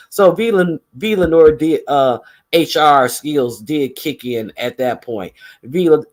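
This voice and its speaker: A man with a high voice tells gossip in a casual, animated commentary. He is sarcastic and full of profanity, jabbing at the people he talks about. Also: measured pace. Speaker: vlogger.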